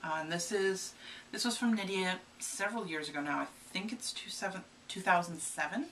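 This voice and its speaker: This woman's voice is on the low side, fairly quick and a bit bright. She co-hosts a casual knitting podcast, playful and rambling with many "um"s, recorded on a distant mic with faint room noise.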